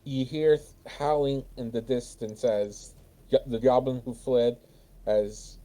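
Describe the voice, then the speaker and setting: Man, game master, tabletop game over voice chat, deep mellow tone, casual, restarts. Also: steady tone, takes it slowly.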